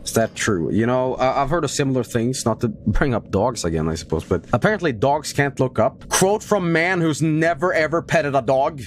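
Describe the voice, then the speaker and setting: A man's voice: medium pitch, expressive, normal speed, few pauses, slight background noise. A man streaming a video game, chatting casually with jokes and swearing. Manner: joking, rambling, swearing.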